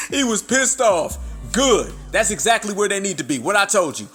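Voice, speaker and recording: A man's voice: high voice, sing-song, normal speed, a bit bright, soft background music. A man hosting a podcast, giving blunt, profane, combative commentary. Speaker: podcast host.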